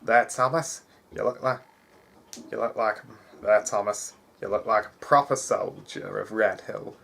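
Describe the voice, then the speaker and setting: A man voicing a hearty male army soldier who talks in a loud, encouraging way. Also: lowish voice, fairly even intonation, a little slow, creaky, slightly rough, full character voice.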